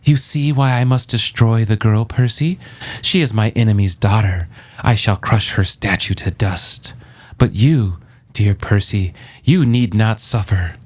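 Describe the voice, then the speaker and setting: A man's voice: medium pitch, sing-song, measured pace, darkish tone. A man reading an audiobook, voicing an old female gorgon who coaxes in a purring, soothing tone. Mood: soothing menace. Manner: purring, coaxing.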